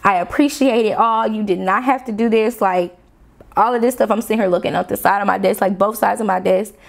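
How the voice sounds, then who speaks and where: A woman chatting excitedly to her viewers as she unboxes a gift and tests pens at her desk, calling them "y'all.". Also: medium pitch, a little fast, gravelly. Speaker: planner vlogger. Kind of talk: casual unboxing chat to viewers. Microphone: desk camera mic, off camera.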